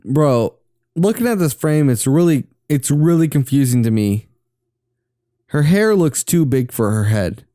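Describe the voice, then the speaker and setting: A young man with a Southern US accent, co-hosting a casual movie watch-along podcast, quick to agree and easily excited. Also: a little high, no echo, clean studio sound. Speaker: podcast co-host.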